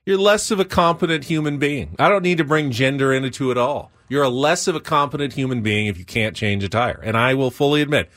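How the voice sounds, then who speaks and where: A man's voice: mid-range voice, a little fast, hardly any pauses, a bit bright. Level-headed male radio co-host. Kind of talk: casual morning-show banter.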